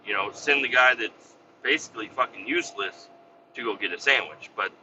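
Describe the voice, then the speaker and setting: A man's voice: mid-range voice, brisk, dull audio, noisy background. A man, a podcast host who works as a vac truck operator, telling a story in a profane, exasperated, rambling rant. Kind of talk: casual ranting storytelling.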